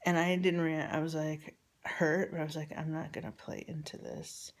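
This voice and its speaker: A woman telling a personal story about her family in a rambling, halting, confessional way, often dropping to a near whisper. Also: sits low, little pitch movement.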